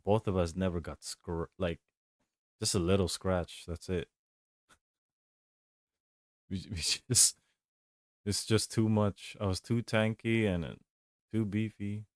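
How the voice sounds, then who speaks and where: A man's voice: low-pitched, fairly even intonation, slow pace, pauses often, dry recording, clean studio sound. A man streaming a game and chatting casually, rambling and laughing along the way. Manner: rambling, laid-back, chuckles often. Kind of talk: casual gaming stream chat.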